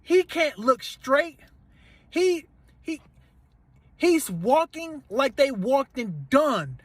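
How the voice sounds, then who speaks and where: A man delivering an angry, profanity-laced rant to the camera, repeating himself and breaking into shouts. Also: very high-pitched, very animated, drawn-out words, no room sound. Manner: heated, cursing, repetitive, bursts of shouting. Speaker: commentator ranting to camera.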